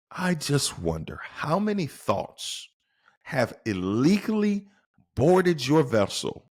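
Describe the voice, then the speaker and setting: A man hosting a podcast, delivering an emphatic motivational monologue full of rhetorical questions to the listener. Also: mid-range voice. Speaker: podcast host.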